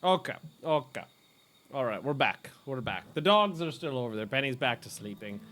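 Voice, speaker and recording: A man's voice: medium pitch, animated, normal speed, a bit bright, soft background music. A man hosting a gaming video, giving casual let's-play commentary and repeating short phrases to himself as he plays.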